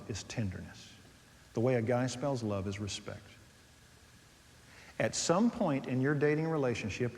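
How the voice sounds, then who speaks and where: A man preaching a sermon, animated, swinging between soft and loud as he tells stories. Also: medium pitch, a little hiss or hum. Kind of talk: sermon on dating and marriage. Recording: long hall reverb.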